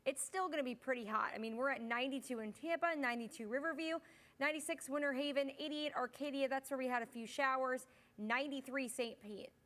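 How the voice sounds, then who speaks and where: A woman's voice: sits high, fast talker, a bit bright. A young woman meteorologist filling in as host of a live weather stream, chatting casually with viewers while tired and yawning. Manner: chatty, reads viewer comments, yawning and apologizing.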